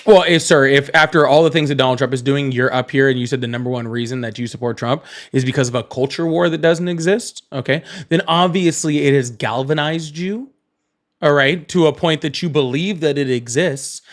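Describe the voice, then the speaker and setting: A man hosting a casual political call-in livestream, chatty and quick to laugh and banter. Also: medium pitch. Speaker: livestream host.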